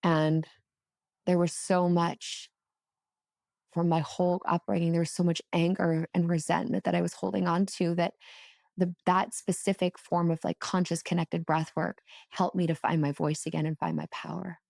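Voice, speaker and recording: A woman with a lowish, gravelly voice tells a personal story as a podcast guest. She talks in a chatty, animated way, full of casual fillers. Her voice sits close and dry in the recording. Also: normal speed, dry recording. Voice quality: emotional, tearful at moments. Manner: animated, chatty, lots of "like" fillers, laughs and swears while telling.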